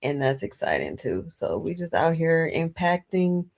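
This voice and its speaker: A woman's voice: low voice, big pitch swings, normal speed, creaky, a little mellow. Chatty woman from Detroit, upbeat. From Detroit, Michigan. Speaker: podcast co-host. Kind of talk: casual chat.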